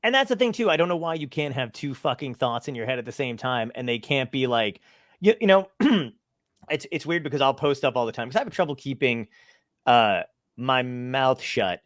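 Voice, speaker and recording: A man's voice: medium pitch, lively intonation, normal speed, dry recording, studio quality. A man hosting a podcast in casual chat, talking in a rambling, restless, self-deprecating way, hyper and scattered. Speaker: podcast host.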